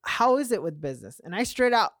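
Speaking fast with a sing-song, mid-range voice, the woman guest, a business owner, talks casually on a podcast. The studio sound is clean with no room sound, and she's chatty and earnest, with many fillers.

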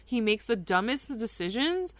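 A woman co-hosting a casual recap chat, relaxed and agreeable as she gives her take. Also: a little high, normal speed, no echo. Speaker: podcast co-host.

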